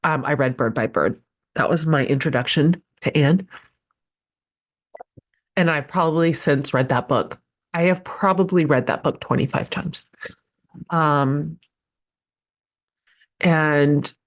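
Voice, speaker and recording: A woman's voice: deep voice, slow pace, pauses often. A woman in her forties hosting a podcast, introducing her guest with gushing emotion and plenty of ums and restarts. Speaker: podcast host.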